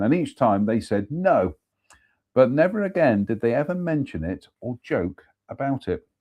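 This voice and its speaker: A man's voice: lowish voice, warm tone. A man hosting a live show, reading a ghost story aloud steadily with the odd apologetic aside. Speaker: storyteller host.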